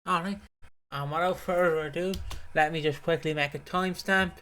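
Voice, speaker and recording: A man's voice: a little high, fairly even intonation, normal speed, pushed and bright, a little hiss or hum. A man co-hosting a podcast in casual chat, rambling and swearing freely. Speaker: podcast co-host.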